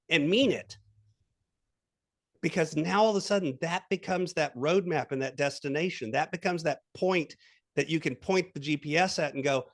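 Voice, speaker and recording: A man who is a guest coach on a podcast interview. He walks the listener through an exercise with animated storytelling and quoted voices. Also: a little high, normal speed.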